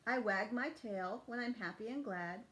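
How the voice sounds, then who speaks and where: A woman's voice: fairly high pitch, normal speed, fairly bright tone, natural voice, low-quality recording. A woman voicing a helpful herding sheepdog from a storybook, in simple rhymes. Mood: content.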